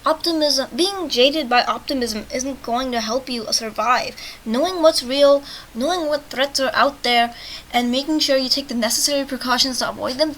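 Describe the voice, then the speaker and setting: A young woman reading a text game aloud and commenting on it in a chatty, sarcastic way, with loud outbursts. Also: sits high, moderate pace, a little hiss or hum, low-quality recording. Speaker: let's play gamer.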